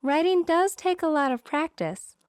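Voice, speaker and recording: A woman's voice: very high voice, animated, moderate pace, no room sound, studio quality, voice pushed up. A woman voicing a doting older aunt who speaks in a soothing, affectionate way in a storybook reading. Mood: tactful.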